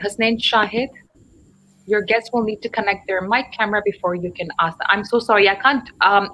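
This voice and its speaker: A woman's voice: mid-range voice, bright, forceful tone, slight background noise, rough recording. A woman teacher hosting a live online English lesson, explaining in a chatty way and checking in with her listeners.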